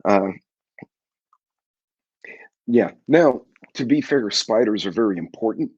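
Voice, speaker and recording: A middle-aged man hosting a casual live chat with viewers, telling rambling folksy stories and clearing his congested throat often. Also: lowish voice, lively intonation, takes it slowly, darkish tone, dry recording, muffled recording. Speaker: livestream host.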